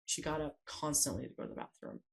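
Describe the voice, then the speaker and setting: Low, gravelly-voiced woman telling her story. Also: huge pitch swings, rough recording. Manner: hesitant, many pauses and fillers. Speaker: podcast guest. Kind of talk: conversational interview storytelling.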